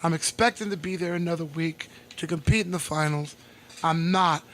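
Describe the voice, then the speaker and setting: A man's voice: fairly high pitch, normal speed, fairly bright tone, a little hiss or hum. A man from Texas, a comedian and podcast co-host, telling profane stories in casual chat and laughing often. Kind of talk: casual storytelling.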